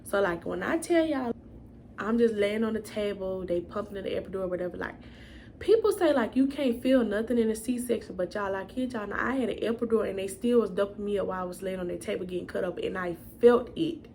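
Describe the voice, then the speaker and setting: A woman's voice: medium pitch, fast, creaky, darkish tone, slight background noise. A young woman telling a storytime vlog in a casual, chatty way, addressing viewers as y'all. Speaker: vlogger.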